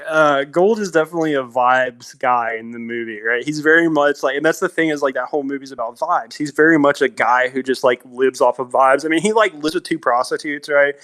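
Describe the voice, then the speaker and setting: A man's voice: mid-range voice, fairly quick, hardly any pauses. A man co-hosting a podcast, casually talking through movie scenes with lots of fillers and laughs. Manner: animated retelling of scenes, frequent likes and laughs. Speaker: podcast co-host. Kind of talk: casual film discussion.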